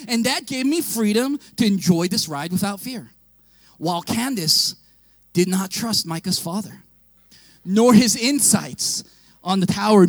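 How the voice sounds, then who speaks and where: A male pastor giving an animated storytelling sermon, often raising his voice and laughing. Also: sits high, dry recording.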